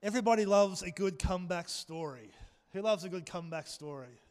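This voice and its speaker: A man's voice: high voice, fairly quick, darkish tone, big-room sound. A man, preaching a sermon and joking with the congregation. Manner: jokey, chatty with the congregation. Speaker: pastor. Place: church hall.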